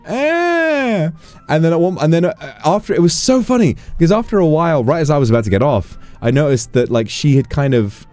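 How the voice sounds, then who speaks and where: A man's voice: fairly high pitch, fast talker, few pauses, soft background music. A man chatting casually on a livestream, playful and teasing as he tells stories. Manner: playful, teasing, animated storyteller. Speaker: streamer.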